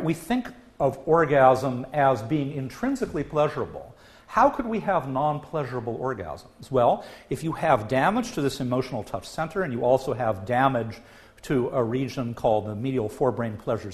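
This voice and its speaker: Animated male lecturer with lively pitch. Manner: lively, animated delivery, acts out quoted voices; frequent filler "uh". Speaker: neuroscience professor giving a public lecture. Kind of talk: public science lecture.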